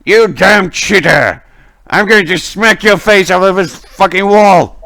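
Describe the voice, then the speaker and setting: A man voicing an angry male guard who shouts curses at a cheating comrade. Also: high-pitched, measured pace, gravelly, pitched above the performer's own voice, exaggerated voice. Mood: furious.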